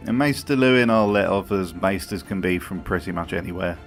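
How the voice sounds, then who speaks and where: A man narrates a comedic video essay in a wry, mocking tone full of dry asides. His voice sits on the low side, recorded close as a voice-over. Faint music plays underneath. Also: a little fast. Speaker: video commentator.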